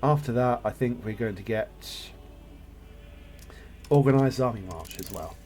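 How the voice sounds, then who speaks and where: A man talks his way through a strategy game, musing out loud and tossing off jokey asides. His pitch swings up and down in a lively way. Soft game music plays faintly under his voice. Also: unhurried. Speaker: gameplay streamer. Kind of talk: casual let's-play commentary. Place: home setup, recorded live on a voice chat.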